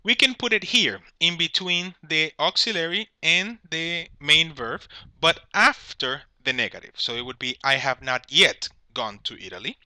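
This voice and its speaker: Bright, lively male English teacher. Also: on the high side, moderate pace, no room sound. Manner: explains patiently, checks in with "all right?"; corrects himself mid-sentence. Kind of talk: grammar lesson at a whiteboard.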